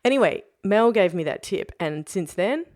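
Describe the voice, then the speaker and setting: A woman co-hosting a podcast in casual chat, animated, laughing often and restarting sentences. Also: mid-range voice, normal speed. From Australia. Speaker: podcast co-host.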